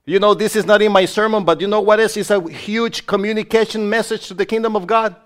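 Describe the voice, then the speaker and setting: A man's voice: high voice, fairly even intonation, quick pace. A male pastor preaching a sermon in an emphatic, exclamatory way and speaking directly to the congregation.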